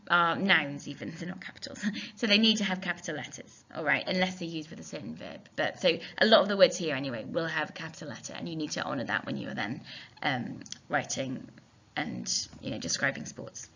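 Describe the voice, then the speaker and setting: A woman's voice: low voice, lively intonation, fairly quick, vocal fry, pushed and bright, breathy edge. A woman teacher, explaining a recorded lesson step by step, spelling words out and thinking aloud on a dull, lo-fi recording. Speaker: German teacher.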